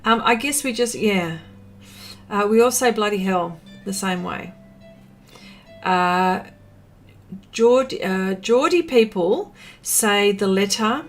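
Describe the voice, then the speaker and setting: A woman's voice: medium pitch, animated, slow pace, long pauses, soft background music. An Australian woman hosting a livestream, chatting casually and reading viewer comments aloud with lots of fillers. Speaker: livestream host. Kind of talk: casual chat while painting, reading comments.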